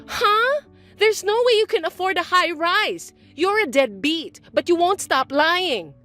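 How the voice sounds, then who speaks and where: A woman's voice: extremely high pitch, sing-song, normal speed, pushed and bright, faint music behind, pitched above the performer's own voice, full character voice. A woman voicing an entitled, greedy young sister-in-law in a dramatized text-message story. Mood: scornful. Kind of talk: texting-story dialogue reading.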